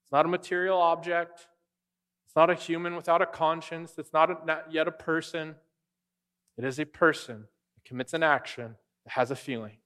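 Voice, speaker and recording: A man's voice: on the high side, steady tone, normal speed, a bit bright, smooth. A man pastor preaching a sermon, direct and emphatic, often posing rhetorical questions to the congregation.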